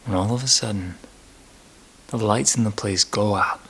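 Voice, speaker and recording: A man playing a struggling working-class henchman and father, talking in halting, stammering bursts in a mock documentary interview. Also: fairly low pitch, a bit bright. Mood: shaken. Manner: halting, stammering, full of restarts.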